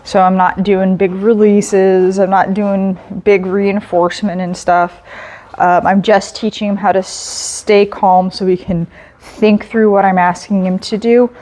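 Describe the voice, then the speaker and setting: A woman dog trainer explaining a training session while giving calm, patient commands and soft praise to a dog. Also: mid-range voice, a little slow.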